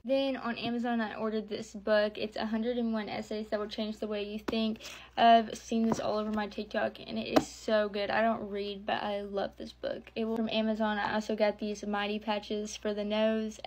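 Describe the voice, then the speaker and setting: A woman casually showing off her shopping haul, listing items quickly and gushing about how cute they are. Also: mid-range voice, completely flat delivery, noisy background. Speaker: haul vlogger.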